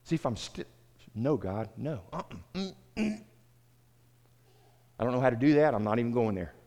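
A man's voice: medium pitch, expressive, quick pace, a little mellow. A middle-aged man from the American South giving a conversational sermon to a small group, repeating words and calling on listeners by name. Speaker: pastor. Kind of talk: sermon-style teaching. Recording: long hall reverb.

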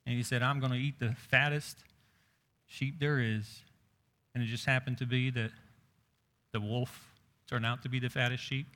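A man's voice: mid-range voice, flat delivery, moderate pace, long pauses, fairly bright tone. A man preaching a sermon in a conversational way, raising his voice when quoting scripture.

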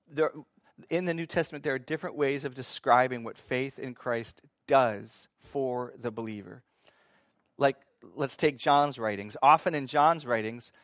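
A man teaching from the Bible in a sermon, reading scripture slowly and asking his listeners questions that he then answers himself. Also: medium pitch, no room sound, clean studio sound. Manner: reads scripture slowly and deliberately. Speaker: preacher.

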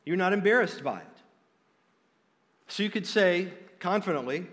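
A man's voice: sits high, lively intonation, normal speed, pauses often, a bit bright, big-room sound. A man preaching a sermon in an earnest, direct way, often restarting his phrases.

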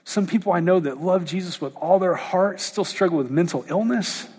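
A man preaching to his church in a slightly high, husky voice. He is animated and lively, slipping into playful impressions of others as he goes. The sound rings with a long hall reverb. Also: normal speed. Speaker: pastor. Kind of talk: sermon.

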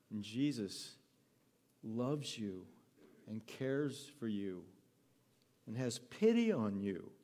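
A male pastor preaching in a church hall, pitched squarely in the middle range for a man. He talks earnestly and in storyteller fashion, easing into a soft, tender tone as he speaks. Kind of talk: sermon.

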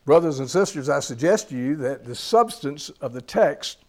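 A man preaching a sermon. He grows loud and slow when he reads scripture, drops quiet on asides, and repeats phrases for emphasis. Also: on the high side, expressive. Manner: slows on key lines, repeats phrases.

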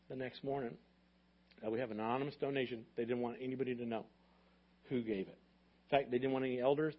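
A man pastor preaching a sermon as a lively story, acting out the dialogue and building to loud bursts. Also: medium pitch, breathy edge, highs cut off. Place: church sanctuary.

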